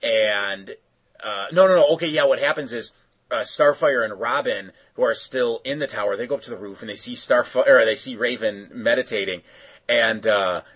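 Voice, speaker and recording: A man's voice: medium pitch, normal speed, fairly bright tone, breathy edge, rough recording. A man casually recapping a cartoon episode, rambling with lots of fillers. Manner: rambling, filler-heavy storytelling.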